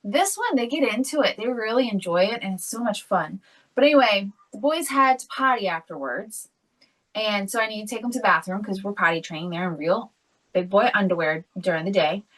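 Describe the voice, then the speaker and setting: A woman's voice: medium pitch, fairly quick, fairly bright tone, recorded from a distance, low-quality recording. A woman co-hosting a podcast, telling a family story in a casual, chatty way and often laughing as she talks. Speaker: podcast co-host. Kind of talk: casual chat.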